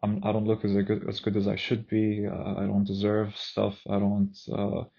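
Man, low dark voice, musing monologue, soft and searching, muffled lo-fi recording. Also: monotone, moderate pace, creaky, slightly rough. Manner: soft-spoken, searching, full of "you know" and "like". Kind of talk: reflective personal monologue.

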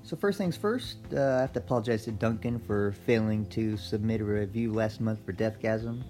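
A man reading out his own film review for a podcast, in a measured, scripted way with dry asides. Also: on the low side, mellow, soft background music. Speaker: listener sending in an audio review.

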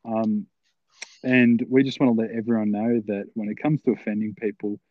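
A man's voice: fairly low pitch, moderate pace, no echo. Crude, laughing young man telling stories. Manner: laughing, crude, animated storyteller. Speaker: podcast co-host. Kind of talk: casual podcast chat, storytelling. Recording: dry, slightly dull sound.

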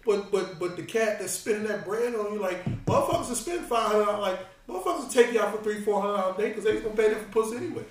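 A man with a high-pitched voice talks loosely and profanely, stumbling over and repeating his words as he builds an argument. He sounds set back from the mic in a very echoey room with a faint hiss underneath. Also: racing, hardly any pauses, far from the mic. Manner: rambling, repeats words, swears freely. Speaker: podcast co-host. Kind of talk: casual crude banter.

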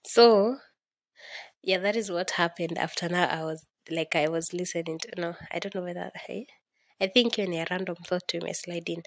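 A woman's voice: fairly low pitch, dry recording, studio quality. Rambling, dramatic young Kenyan woman. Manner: rambling, dramatic and playful, laughing often. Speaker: podcast host. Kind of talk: casual solo podcast monologue.

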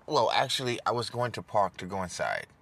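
A man's voice: lowish voice, sing-song, fairly quick, creaky, fairly bright tone. A young man telling a rambling, self-deprecating story to the camera, stumbling and repeating words as he goes. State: emotional, voice dropping. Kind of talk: casual storytelling vlog.

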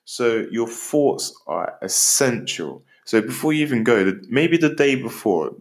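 Man from Britain, podcast host, upbeat motivational delivery, playful asides, average pitch. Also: unhurried. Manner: animated, jokey, talks straight to the listener.

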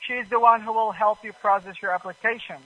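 A man's voice: high voice, steady tone, a little fast, dry recording. A male telemarketer on a phone call, reading a sales script with hesitant fillers.

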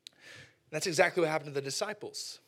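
A man preaching a lively, casual sermon, acting out characters and using slang. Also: fairly high pitch, a little fast.

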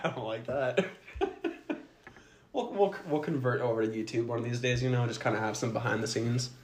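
A man's voice: medium pitch, fairly quick, reverberant, slight background noise. A man hosting a podcast, chatting casually, joking, swearing and laughing often. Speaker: podcast host. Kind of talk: casual chat.

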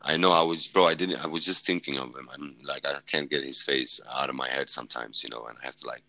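A man's voice: a bass voice, fairly even intonation, fast talker, pushed and bright, no room sound, low-quality recording. A Swedish man, a native Swedish speaker, casually and bluntly telling a war story on a podcast, rambling and swearing. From Sweden. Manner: rambling, blunt, swears freely, many restarts. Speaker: podcast guest, former fighter and medic.

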